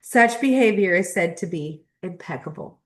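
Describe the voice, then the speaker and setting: A young adult woman hosting a spiritual astrology channel reads a spiritual text and reflects on it, choked up with emotion and laughing between passages. She speaks in a fairly low, animated voice at a moderate pace.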